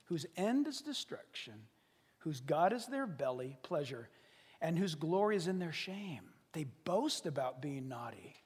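Man preaching, dramatic, high voice, lively pitch swings, long reverb from a big room. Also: measured pace, husky. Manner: animated, dramatic, drops to whispers, acts out scenes. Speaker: pastor. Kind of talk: sermon. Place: church service.

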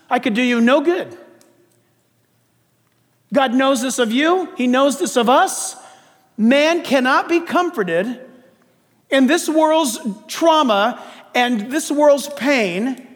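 An older man and pastor preaching a sermon, impassioned, swinging between shouted emphasis and quiet, chatty asides. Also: very high-pitched, takes it slowly, pauses often, long reverb tail.

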